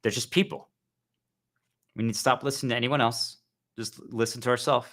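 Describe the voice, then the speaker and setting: A man speaks straight to his viewers in a loose, rambling monologue. His voice sits at an ordinary pitch with a bright edge. He sounds earnest and keeps calling his audience guys. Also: steady tone, fairly quick. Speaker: spiritual vlogger.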